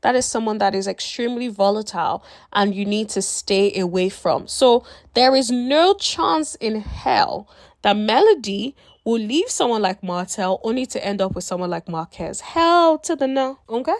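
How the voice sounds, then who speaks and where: A woman chats casually through a reality show recap, sassy and animated, acting out quotes as she goes. Her voice sits a little high and swings widely in pitch. The sound is dry, with no room echo. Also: moderate pace. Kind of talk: casual commentary.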